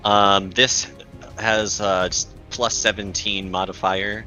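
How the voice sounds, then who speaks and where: Man, tabletop player, low bright voice, hesitant, stammering, faint music behind. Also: flat delivery, slow, poor audio. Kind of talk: tabletop game chat.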